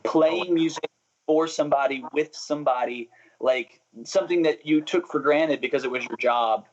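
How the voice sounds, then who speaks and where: A man's voice: fairly high pitch, normal speed, lo-fi sound, a little hiss or hum. A young adult man talking as a musician guest in a casual interview, chatty and self-interrupting, often laughing.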